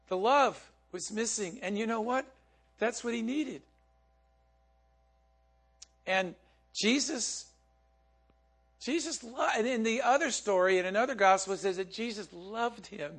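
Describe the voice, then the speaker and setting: A man with a high voice preaches a sermon in a loose, conversational way. He puts questions to the congregation and laughs often as he talks. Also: a bit bright.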